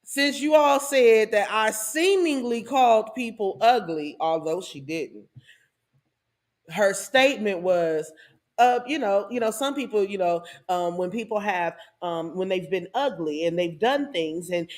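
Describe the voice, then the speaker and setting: On her own channel, a woman host delivers a casual, animated commentary monologue, sounding preachy and breaking into laughing asides. Her pitch is medium.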